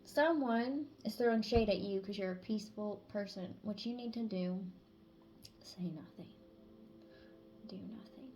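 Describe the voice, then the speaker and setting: A woman's voice: medium pitch, normal speed, hardly any pauses, mellow, faint music behind. A woman reading tarot messages in a casual, chatty way, swearing freely and sometimes dropping to a whisper. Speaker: tarot reader.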